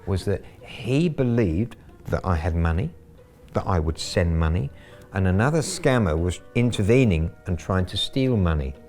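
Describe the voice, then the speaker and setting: Wry, gleeful low-voiced man. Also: a little mellow. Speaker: scambaiter. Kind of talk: storytelling interview.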